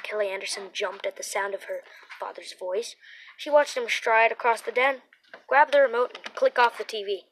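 A woman's voice: fairly high pitch, normal speed, low-quality recording. Woman reading a children's story aloud. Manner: reads with small restarts and repeated words. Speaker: narrator. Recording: faint background noise.

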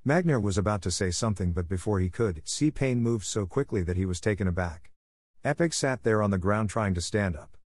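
A man reading an action story aloud in a steady, plain narration. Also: on the low side, fairly quick, no room sound.

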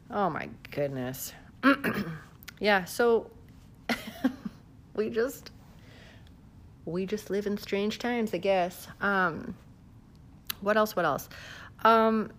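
This woman has a mid-range voice and is recorded with a faint hiss or hum. She's a vlogger from the southern United States, laughing a lot and using many fillers as she chats to camera at home on a handheld phone.

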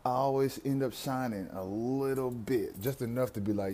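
A man's voice: medium pitch, normal speed, dark tone, a little hiss or hum. A young man, talking through his anxiety in a candid, rambling personal monologue full of slang and profanity.

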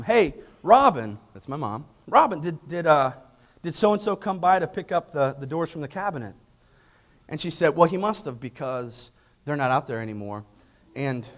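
Guy preaching, kinda high voice, tells a story and acts out the family, then asks the congregation stuff. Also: fairly bright tone. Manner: direct questions to the congregation. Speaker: pastor. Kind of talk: sermon.

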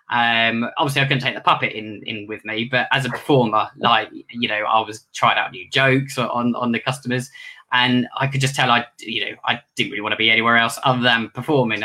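A man's voice: medium pitch, pushed and bright. A man, a ventriloquist and magician, answering interview questions in a rambling, casual way with many restarts.

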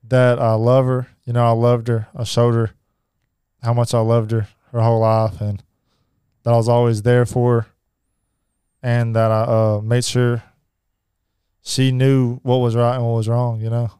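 A man telling his life story as a podcast guest, halting, with many fillers and restarts. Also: mid-range voice, flat delivery, mellow, clear, resonant tone, dry recording, clean studio sound. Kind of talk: personal storytelling.

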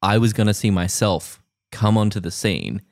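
In comedic podcast banter, this co-host retells scenes with crude, wry humor, doing the characters' voices. He speaks at a moderate pace in a lowish, slightly mellow voice, with a dry, clean studio recording.

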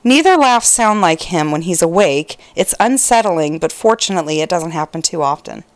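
A woman's voice: on the low side, lively intonation, moderate pace, dry recording. A woman co-hosting a podcast, casually reading out listener stories and laughing between them. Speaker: podcast co-host.

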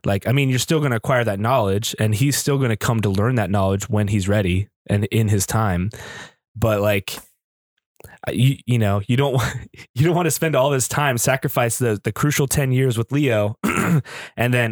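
A man in his thirties co-hosting a casual podcast chat, thinking out loud in a rambling way with restarts and acted-out quotes. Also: fairly low pitch, moderate pace, dry recording, studio quality. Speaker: podcast co-host.

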